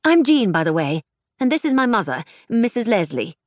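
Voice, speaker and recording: Brief: friendly, cheerful young woman, read by a female narrator, light and high. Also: sing-song, normal speed, no room sound, studio quality. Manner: bright and breezy.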